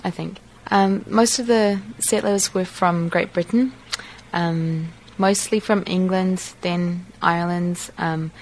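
A woman's voice: lowish voice, rough recording. A woman from New Zealand with a New Zealand accent, reading a short passage and then talking casually about her accent, with many ums and restarts. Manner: relaxed, with frequent ums and restarts. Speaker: dialect archive speaker.

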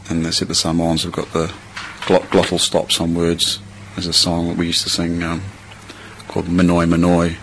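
This is a young man with a New Zealand accent and a very deep voice that hardly rises or falls. He talks in a relaxed, rambling way, full of ums and half-started phrases. A light hiss sits under the recording. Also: rough recording. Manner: relaxed, rambling, many fillers and restarts. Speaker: interviewee. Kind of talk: reading a passage, then casual chat.

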